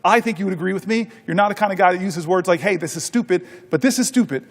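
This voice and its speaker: A man in his fifties, a senator holding the floor, telling anecdotes in a halting way with repeated words. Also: high voice, creaky. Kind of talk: floor speech with storytelling. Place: large legislative chamber. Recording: long reverb of a large chamber.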